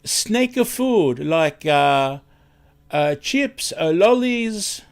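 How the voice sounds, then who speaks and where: A man imitating an older male customer with a heavy, Italian-sounding accent who speaks haltingly. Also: fairly high pitch, lively intonation, gravelly, smooth, voice pushed up, exaggerated voice. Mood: insistent, puzzled. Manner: halting, questioning, hesitant.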